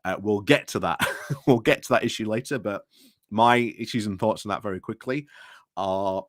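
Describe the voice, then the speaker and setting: A man's voice: on the low side, moderate pace, no echo, studio quality. A British man hosting a casual livestream, rambling through commentary with restarts and greetings to chat, recorded indoors at home. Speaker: livestream host.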